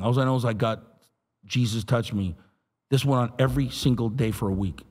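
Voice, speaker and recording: A middle-aged man, a pastor, telling his testimony in an animated, street-talking way. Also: medium pitch. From Los Angeles area. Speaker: pastor and guest. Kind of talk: storytelling testimony.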